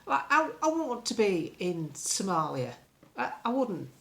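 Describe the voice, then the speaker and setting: A woman's voice: unhurried, gravelly. An older English woman from England vlogging from home into a phone camera, chatting bluntly and meandering through opinions. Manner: blunt, opinionated, meandering, lively swings in pitch. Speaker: political vlogger. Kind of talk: casual rambling monologue to camera. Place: home, indoors.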